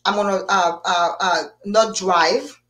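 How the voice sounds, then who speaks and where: A woman with a medium-pitched voice hosts a casual live chat, taking things slowly. She talks freely and animatedly, restarting her sentences often and breaking into bursts of laughter.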